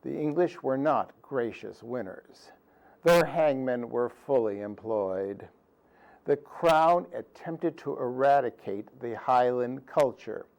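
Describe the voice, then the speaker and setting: Slow, dry-witted male history storyteller. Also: mid-range voice, vocal fry, rough recording. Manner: dry, pedantic wit with deadpan punchlines. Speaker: performer of a musical history talk. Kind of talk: humorous history lecture with songs.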